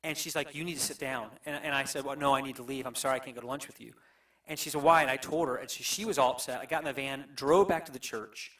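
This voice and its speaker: Middle-aged man, pastor, halting and emotional storyteller, mid-pitched, heard from a distance. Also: fairly bright tone. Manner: halting, emotional, many restarts. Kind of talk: storytelling on a panel. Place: church.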